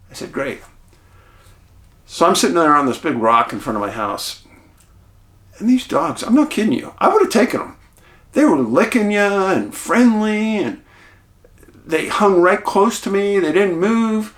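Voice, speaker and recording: A middle-aged man, host of his channel, casually telling a story to the camera in a chatty, animated way, quoting the people he met. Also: a little high, normal speed. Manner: chatty, animated retelling with quoted dialogue. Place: rural home outdoors.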